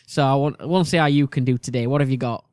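A man's voice: medium pitch, very fast, darkish tone, clean tone, no room sound, studio quality. A man hosting a casual podcast over beer, chatty and teasing, laughing often. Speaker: podcast host. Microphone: webcam and mic on a video call.

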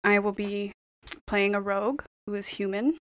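A young woman introducing her tabletop character in a dry, deadpan way. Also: medium pitch, moderate pace. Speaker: player. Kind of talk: casual tabletop game chat.

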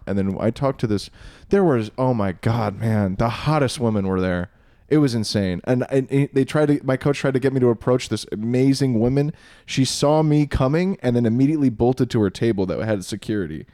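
A man's voice: mid-range voice, brisk, mellow, dry recording. Young man telling a night-out story, easygoing, dry close mic. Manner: laid-back, trailing off mid-sentence. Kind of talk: casual podcast chat.

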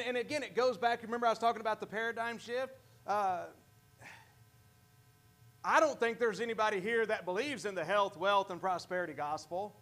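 A pastor preaching a sermon in a church, earnest, often repeating and restarting words. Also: male voice, high-pitched, a bit bright.

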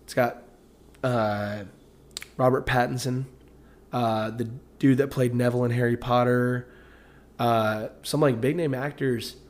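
A man's voice: medium pitch, steady tone, measured pace, pauses often. A young American man who is a parent, chatting casually with a loose, profane, emphatic storytelling style. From United States. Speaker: parent, co-host. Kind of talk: casual chat.

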